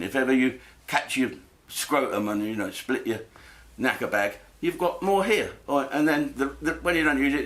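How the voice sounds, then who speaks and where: A man doing a crude, swearing comedy monologue, telling stories with lively delivery. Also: medium pitch.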